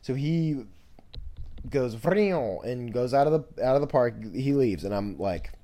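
A young man in his twenties rambles through a podcast story, scatterbrained and jokey, piling on fillers. His voice is warm and mellow at a middling pitch. He leaps up high whenever he quotes somebody else. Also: a little slow. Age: 20s. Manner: animated, jumps into high voices when quoting others. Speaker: podcast host. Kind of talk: casual storytelling monologue.

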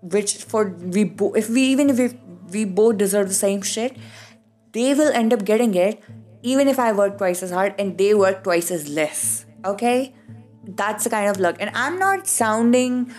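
A woman from India with an Indian accent, hosting a podcast and telling a personal story in a casual, animated way, acting out both sides of conversations. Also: medium pitch. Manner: animated, acts out both sides of quoted dialogue, frequent swearing. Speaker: podcast host.

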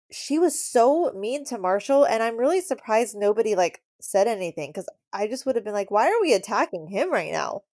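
A woman's voice: medium pitch, warm tone, no room sound, clean studio sound. A woman co-hosting a casual chat show, talking in a rambling, indignant way with many restarts. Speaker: podcast co-host.

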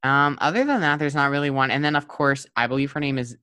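A man's voice: medium pitch, quick pace, sharp tone, clean tone, dry recording. Chatty young man hosting a podcast. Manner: chatty, filler-heavy, hedging with "like". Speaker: podcast host. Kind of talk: casual chat.

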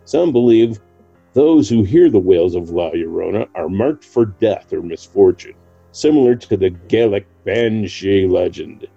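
A man's voice: lowish voice, lively intonation, a little slow, gravelly, warm tone, breathy edge, dull audio, faint music behind. A man co-hosting a podcast, narrating a folk legend in a casual way with occasional laughs. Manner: reads a legend aloud with light laughs. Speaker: podcast co-host.

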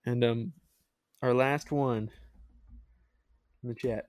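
A man's voice: mid-range voice, steady tone, slow pace, a little mellow, dry recording. Brief: chatty male host, mid-range voice, rambling and laughing, dry close sound. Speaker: podcast host. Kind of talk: casual chat.

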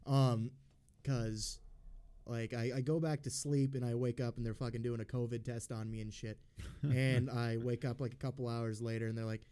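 A man hosting a podcast, telling a personal story in a casual, blunt and rambling way, swearing constantly and filling pauses with ums and uhs. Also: mid-range voice, level tone, dark tone, clean tone. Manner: profane, blunt and rambling, with frequent fillers. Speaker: podcast host.

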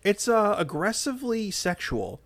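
A man's voice: sits high, very animated, normal speed, dry recording. A man in a casual podcast chat, jokey and sarcastic, trading playful remarks. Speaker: podcast co-host.

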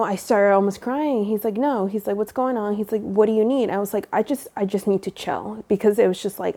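A woman's voice: medium pitch, gravelly, mellow. A young woman talking candidly to her viewers from home, rambling with many fillers and ending up encouraging. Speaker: vlogger. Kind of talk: casual personal talk to viewers.

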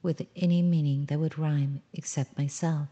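A woman's voice: deep voice, steady tone, normal speed, dark tone, highs cut off, natural voice. A woman voicing a curious, touchy little boy who is puzzled and a bit petulant.

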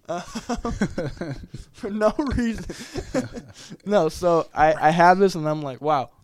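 A man's voice: high-pitched, expressive, extremely slow, long pauses, no echo. A young man from the United States, a podcast guest telling a long travel story in casual chat, laid-back, swearing freely and laughing often.

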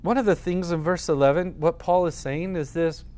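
A man's voice: a little high, steady tone, moderate pace, darkish tone, smooth. A male pastor giving a sermon, reading scripture and then telling a story in a conversational way with frequent fillers and restarts.

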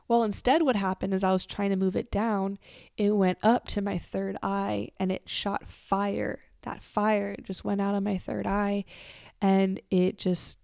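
A woman's voice: medium pitch, gravelly, a little mellow, no room sound, studio quality. A woman podcast host telling a personal story in a candid, casual way, swearing freely and trailing off and restarting as she talks.

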